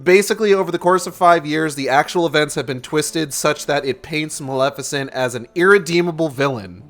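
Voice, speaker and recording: A man's voice: fairly high pitch, brisk, a bit bright. A man casually recapping a movie plot as a streamer, in a rambling way full of swearing and fillers.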